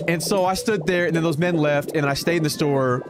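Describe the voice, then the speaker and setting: A man streaming a video game, telling stories in an animated, profane, casual way. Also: on the high side. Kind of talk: casual storytelling while gaming. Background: game music.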